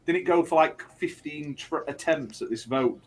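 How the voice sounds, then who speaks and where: A man's voice: fairly high pitch, moderate pace, a little hiss or hum. A man on a podcast panel, chatting jokily and swearing casually. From United Kingdom. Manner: jokey, swears, says mate. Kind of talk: casual chat.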